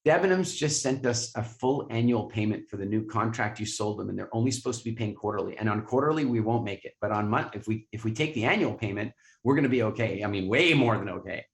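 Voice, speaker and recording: A man voicing his female accountant in a low, flat, matter-of-fact way. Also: fast talker, hardly any pauses, roomy sound. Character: worried female company accountant.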